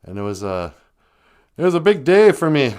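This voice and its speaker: Animated, playful man. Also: on the high side, normal speed, clean tone. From north central Minnesota. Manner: playful, chuckling, greets chatters warmly. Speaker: host. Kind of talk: casual live stream chat.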